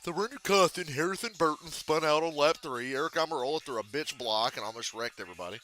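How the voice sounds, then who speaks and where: A man's voice: a little high, sharp tone. A man hosting a casual live reaction stream, telling stories with lots of swearing and laughter. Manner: profane, laughing storyteller. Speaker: channel host.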